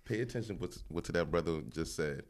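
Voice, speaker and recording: A man's voice: sits low, animated, a little fast, darkish tone. A man hosting a podcast, speaking in casual, encouraging asides to his audience. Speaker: podcast host.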